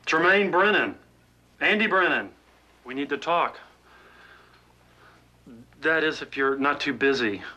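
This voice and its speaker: An actor playing an earnest, nervous young deputy in a TV drama, talking stiffly on the phone. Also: male voice, a little high, expressive, a little slow, long pauses, bright, forceful tone, muffled recording, full character voice.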